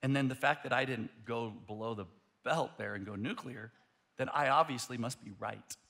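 A male pastor preaching a sermon, telling a story in an animated way, often restarting his sentences. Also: medium pitch, normal speed, creaky.

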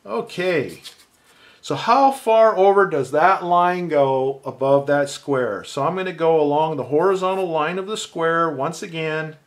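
A man with a slightly higher voice gives a patient, step-by-step drawing lesson. He talks himself through each mark as he works, relaxed and unhurried. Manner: calm, thinking aloud while drawing. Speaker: art teacher.

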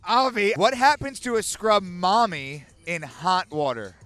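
A man hosting street interviews outdoors at a stadium parking lot, loud, profane and full of hype-man energy. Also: high voice, lively intonation, measured pace, faint music behind. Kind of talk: hyped vox-pop interviewing. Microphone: handheld mic.

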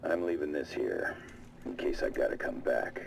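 An actor playing a gruff male prospector recorded on an audio log, speaking in terse, wry hard-boiled lines with a gravelly voice. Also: lively intonation, normal speed, exaggerated voice. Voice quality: gravelly, very deep. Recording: distant game audio log.

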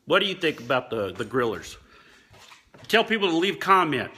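A man casually reviewing fast food on camera, tasting and commenting between bites. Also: on the high side, big pitch swings, pushed and bright, breathy edge.

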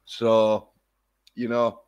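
A man's voice: on the low side, completely flat delivery, drawn-out words, a little mellow, clean tone, lo-fi sound. A man ranting profanely in a casual livestream. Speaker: vlogger.

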